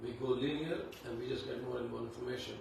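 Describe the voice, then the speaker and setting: A man leading a devotional scripture class, talking in an unhurried, conversational way with many fillers. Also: medium pitch, fairly even intonation, vocal fry. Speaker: Bhagavatam class teacher. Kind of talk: devotional class talk with Sanskrit chanting. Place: temple hall. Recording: echoey hall, distant mic, background noise.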